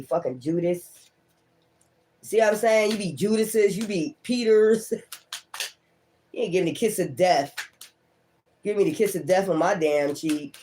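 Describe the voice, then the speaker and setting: A woman's voice: lowish voice, warm tone, slight background noise. A woman giving a casual tarot reading to her viewers, speaking straight to them in a profane, emphatic way and laughing often. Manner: talks straight to the audience. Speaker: tarot reader.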